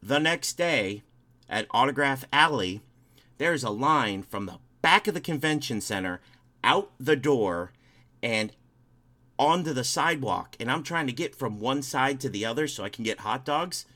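A man co-hosting a casual podcast, telling a story in an animated way and swearing often. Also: mid-range voice, unhurried. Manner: animated, swears a lot, tells stories. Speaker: podcast co-host.

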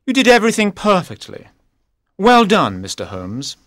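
A man's voice: high-pitched, wildly swooping pitch, normal speed, fairly bright tone, dry recording, clean studio sound, voice pushed up, full character voice. A man putting on a smug, haughty young robber. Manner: arrogant, mocking. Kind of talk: audiobook character voice.

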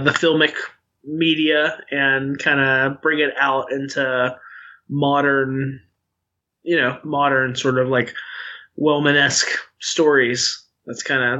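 A man's voice: medium pitch, flat delivery, slow, pushed and bright, highs cut off. A man co-hosting a podcast, talking hesitantly and searching for words. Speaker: podcast co-host. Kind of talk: casual podcast chat.

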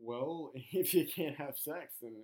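A man's voice: fairly high pitch, slow pace, a little mellow. Wisecracking young man with crude asides. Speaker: podcast co-host. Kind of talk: casual podcast banter.

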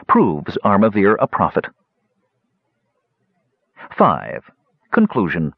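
A man narrating a fantasy audiobook in a measured, expressive reading style. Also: on the low side, slightly rough, no room sound. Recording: dry, dull lo-fi recording.

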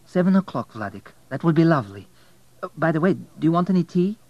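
A soft young Polish waitress with a lifted, light voice, as a male audiobook reader puts her on. Her Polish accent is gentle and she teases a little. The recording is dry and close. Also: on the high side, sing-song, fast talker, no room sound, muffled recording, voice pushed up.

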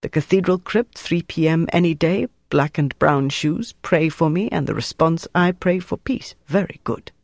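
A reader voicing a calculating German officer, speaking in a measured, coolly menacing way. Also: male voice, on the high side, vocal fry, no room sound. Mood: cold, measured. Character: cold, calculating German officer interrogating a prisoner.

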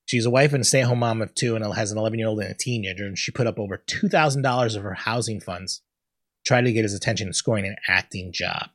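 Husky, blunt, ranting man host. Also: on the low side, fast talker, a bit bright, no echo, clean studio sound. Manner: blunt and ranting, swears freely. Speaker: podcast host. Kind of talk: casual solo commentary.

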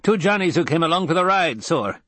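Male reader doing a raised, loud desert laborer, rustic and eager, slightly husky. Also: a little high, expressive, a little fast, no room sound, pitched above the performer's own voice. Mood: earnest. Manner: rustic, old-fashioned phrasing, eager. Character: rough, earnest desert worker man, old-fashioned talk.

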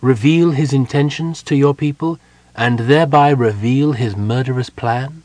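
A man voicing a calm, devout young woman prisoner who speaks softly but firmly. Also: medium pitch, normal speed, no room sound, pitched above the performer's own voice, natural voice. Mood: serene.

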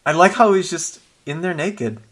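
A man co-hosting a casual chat about comics, animated and quick to laugh, often restarting his sentences. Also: high voice, breathy edge. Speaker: podcast co-host discussing comics.

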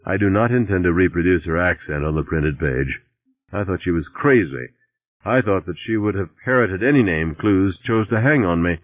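Reading a novel for an audiobook, a male narrator uses a low, expressive voice at a moderate pace, giving the first-person text a dry, wry tone. The lo-fi recording is tinny and dry, with no room sound.

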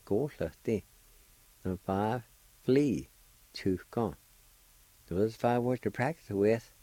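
Slow, low-voiced man teaching pronunciation. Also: mellow, no room sound, rough recording. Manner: patient, spells syllables letter by letter. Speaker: language teacher on radio. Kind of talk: slow spelled-out pronunciation lesson.

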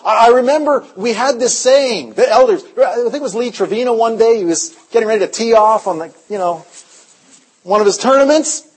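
A man preaching a sermon as pastor, telling stories, sometimes shouting and sometimes dropping to a hush. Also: very high-pitched, fairly quick, slightly rough, poor audio. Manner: storytelling, shifts from shouting to hushed.

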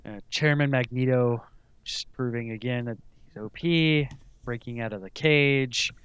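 A man co-hosting a podcast in casual chat, playful and quick to laugh. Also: medium pitch, clear, resonant tone, dry recording, muffled recording. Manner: giggly, animated, playful. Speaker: podcast co-host.

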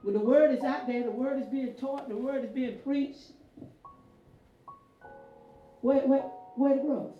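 Woman pastor, fervent sermon with shouted peaks; distant echoey church room, music under. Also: high voice, moderate pace, lo-fi sound. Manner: fervent, rising to shouts, repetitive call-outs.

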